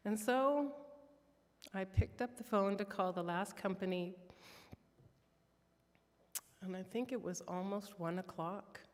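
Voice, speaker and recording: A woman telling a heartfelt personal prayer story during a church worship service, soft-spoken and emotional. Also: medium pitch, takes it slowly, pauses often, big-room sound. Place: church sanctuary.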